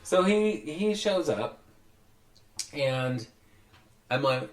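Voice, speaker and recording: A man's voice: a little high, animated, drawn-out words. A man hosting a podcast, telling a long story in casual chat, acting out the voices of the people in it and swearing freely. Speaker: podcast host. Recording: roomy echo with faint music.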